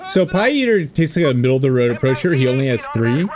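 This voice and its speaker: A man casting a strategy game replay in a relaxed way, thinking aloud with fillers and joking about himself. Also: medium pitch, fast, a crowd in the background. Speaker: game caster. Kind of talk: casual esports commentary over a replay. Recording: game battle sounds with gunfire and artillery behind.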